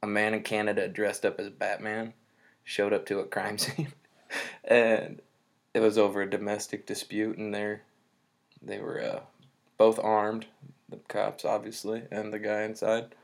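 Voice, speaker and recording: A man's voice: fairly low pitch, completely flat delivery, unhurried. A man co-hosting a casual podcast, telling news stories in a laid-back, self-mocking way. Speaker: podcast co-host. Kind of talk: casual chat.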